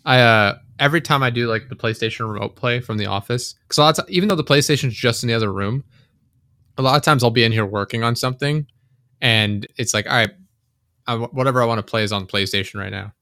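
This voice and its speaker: Guy venting on a podcast, bright voice, cussing a lot, dry close mic. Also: mid-range voice, fast, dry recording. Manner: swears freely, acts out frustrated inner monologue. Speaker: podcast co-host. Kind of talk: casual chat.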